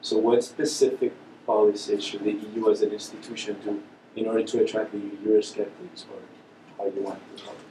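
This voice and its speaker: Flat-voiced man asking from afar. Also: fairly low pitch, fairly quick, noisy background. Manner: hesitant, restarts his sentences. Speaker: audience questioner. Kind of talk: asking a question at a lecture. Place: lecture hall. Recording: roomy hall, far from the mic.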